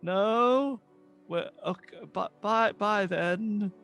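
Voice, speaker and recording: Nervous, deferential manservant, high and stammering, man voicing him. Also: drawn-out words, a bit bright, clear, resonant tone, soft background music, full character voice. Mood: flustered. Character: flustered polite male manservant.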